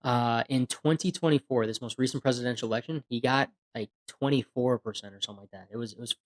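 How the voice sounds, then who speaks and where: Cop guest, male, blunt storyteller, casual and animated. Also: mid-range voice, fast talker. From USA. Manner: blunt, animated retelling with acted-out quotes. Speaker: police officer guest.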